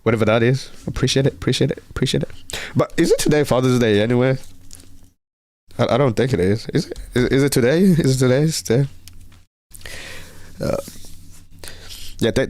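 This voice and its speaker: A man's voice: medium pitch, darkish tone. A young man hosting a casual livestream, rambling and repeating himself as he reads viewer comments aloud. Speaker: livestream host.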